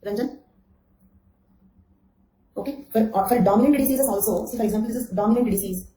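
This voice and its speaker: A woman's voice: on the high side, fairly quick, mellow, reverberant, poor audio. A woman giving an online exam-coaching lecture, repeating key phrases, checking with "okay?" and calling on students by name. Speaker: anthropology teacher.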